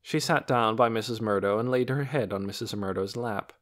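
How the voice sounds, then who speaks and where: A man narrating an audiobook chapter in an expressive storytelling manner. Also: a little fast. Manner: expressive storytelling with lively pitch. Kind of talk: scripted narration.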